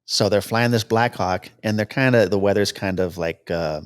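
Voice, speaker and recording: A man with a lowish voice tells stories as a podcast guest, plainly and casually. He slips into the voices of the people he quotes, jumping higher in pitch to play them out. It sounds like easygoing chat rather than a prepared talk. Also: moderate pace, clean tone. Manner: anecdotal, acts out quoted dialogue with lively pitch jumps. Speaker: guest, helicopter cameraman. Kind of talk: casual storytelling interview.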